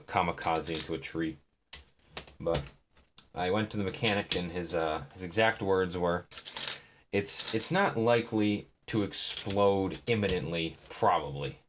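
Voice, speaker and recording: A young man chatting in a meandering, self-deprecating way on a live stream while he builds. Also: sits low. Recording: noisy, with keyboard and brick clicks.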